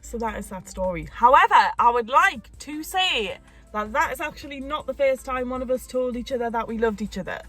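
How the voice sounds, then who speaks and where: A young woman, telling a story in a casual chat, animated and quick to laugh. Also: on the high side, soft background music. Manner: animated, laughing, acts out quotes. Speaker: co-host of a couple's channel.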